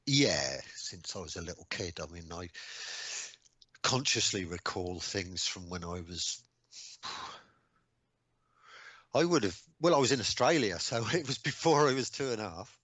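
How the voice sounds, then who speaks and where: A man in his sixties from England, a radio guest recounting old memories casually, with lots of ums and mounting excitement. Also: deep voice, unhurried, dry recording. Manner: animated anecdotes, rising excitement, frequent ums. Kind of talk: casual storytelling interview.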